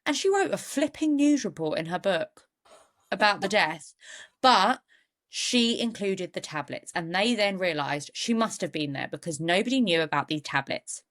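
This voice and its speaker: A woman's voice: mid-range voice, expressive, moderate pace, fairly bright tone. Chatty woman telling a true-crime story. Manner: chatty, goes off on jokey asides. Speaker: podcast co-host.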